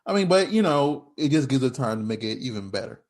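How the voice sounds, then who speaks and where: A man's voice: mid-range voice, very animated, quick pace, a little mellow. A man hosting a podcast in casual chat, rambling with frequent restarts and laughing as he talks. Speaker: podcast host.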